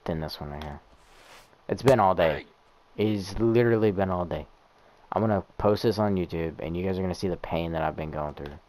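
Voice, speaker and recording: A young man posting gameplay narrates his own video game as live commentary, pouring out exasperated, profane complaints. His voice sits low with a darkish tone, and he speaks a little fast.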